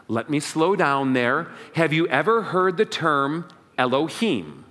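A man's voice: on the high side, very animated, measured pace, sharp tone. A man preaching a sermon as pastor, leading the congregation in call and response. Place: church sanctuary.

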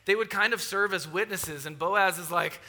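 A man preaching a sermon in a very bright, forceful voice that sits a little high. He retells the story in a lively, conversational way and turns aside to talk directly to the congregation. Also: moderate pace. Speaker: pastor.

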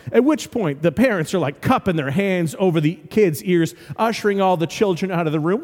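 High-voiced male pastor with hall reverb. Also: fairly quick, few pauses. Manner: animated storytelling with humorous asides. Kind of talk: sermon.

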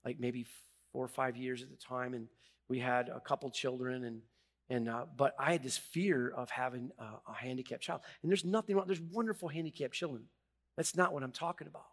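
A middle-aged man, a pastor preaching a sermon, who swings from hushed confession to loud, rising emphasis and halts and repeats words when moved. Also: medium pitch, fairly quick.

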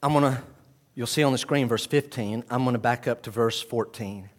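A man preaching a sermon as pastor, swinging from quiet, low passages to loud, raised exclamations. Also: moderate pace.

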